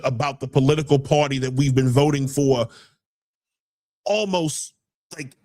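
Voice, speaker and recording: A man's voice: mid-range voice, darkish tone. A man hosting a casual political talk show, heated and rambling, often repeating words as he builds his point. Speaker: podcast host.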